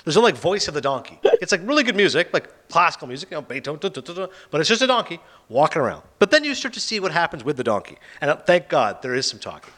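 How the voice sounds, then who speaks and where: A man hosting a casual chat, retelling film plots and reviews with an animated, sarcastic manner. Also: on the high side, fast, few pauses. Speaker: podcast host reviewing films.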